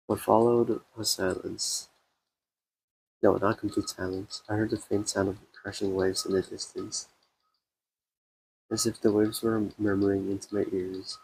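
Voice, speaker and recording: A man streaming a game, reading its text aloud in a subdued way and breaking off for quick comments. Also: fairly low pitch, a little mellow, breathy edge, low-quality recording.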